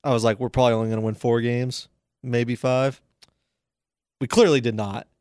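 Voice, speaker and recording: A young man co-hosting a sports podcast, excitable and quick to argue in casual chat. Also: mid-range voice, smooth, dry recording, studio quality. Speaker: podcast co-host.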